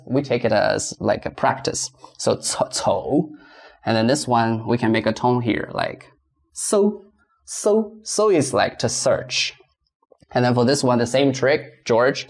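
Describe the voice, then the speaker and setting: A man's voice: mid-range voice, creaky, darkish tone. Patient Mandarin-accented man teaching pronunciation. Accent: Mandarin Chinese. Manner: patient, repeats words slowly for practice. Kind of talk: beginner language lesson.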